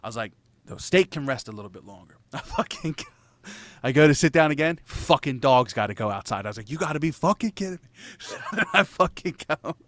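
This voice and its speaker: A man's voice: medium pitch, lively intonation, brisk, fairly bright tone. A man in casual chat, telling a rambling, profanity-laced story and laughing between lines.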